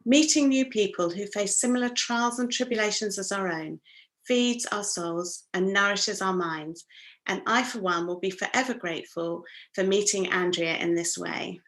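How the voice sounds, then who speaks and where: A woman's voice: mid-range voice, moderate pace, fairly bright tone. Give me a woman as an earnest interview host on a video call. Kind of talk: scripted introduction, then interview.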